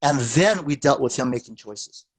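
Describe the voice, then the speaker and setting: A man teaching a therapy workshop, telling lively anecdotes and acting out what people said. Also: moderate pace. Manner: animated storytelling, acts out quoted lines with big pitch jumps. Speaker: therapist and lecturer.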